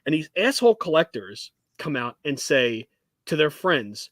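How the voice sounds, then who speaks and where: A man's voice: fairly high pitch, big pitch swings, normal speed, a bit bright, no room sound. Blunt foul-mouthed man, dry sound. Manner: blunt, profane, vocal. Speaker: co-host. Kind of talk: casual podcast chat.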